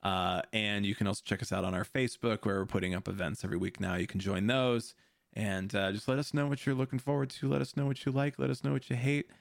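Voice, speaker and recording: A man's voice: lowish voice, steady tone, fast, creaky, dry recording, clean studio sound. A man hosting a podcast in casual chat, rambling loosely, laughing often and swearing. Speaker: podcast host. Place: home streaming setup.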